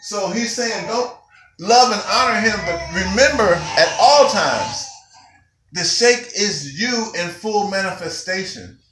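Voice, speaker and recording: A man teaching a spiritual gathering as a Sufi teacher, with an animated, emphatic, preacher-like delivery. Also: high-pitched, slow. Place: gathering room with audience. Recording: roomy hall with faint music.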